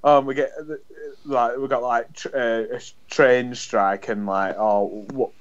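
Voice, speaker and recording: A man's voice: mid-range voice, steady tone, a little slow, slight background noise. A man, co-hosting a podcast in rambling, sweary casual chat full of restarts. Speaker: podcast co-host. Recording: dull lo-fi sound.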